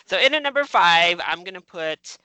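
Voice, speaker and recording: A man's voice: sits high, expressive, moderate pace, pushed and bright, clear, resonant tone, no echo, low-quality recording. A man co-hosting a movie podcast over a remote call, talking in an emphatic, enthusiastic way. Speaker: podcast co-host, film editor. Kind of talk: casual chat.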